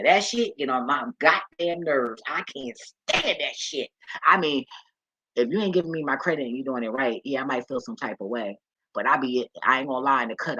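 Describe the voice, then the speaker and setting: A woman's voice: rumbling low, sharp tone, husky, no room sound, rough recording. A woman talking casually to camera, telling stories in blunt, profane street talk and often breaking into laughter. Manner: acts out others' voices in quoted asides. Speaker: vlogger. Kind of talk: casual storytelling monologue.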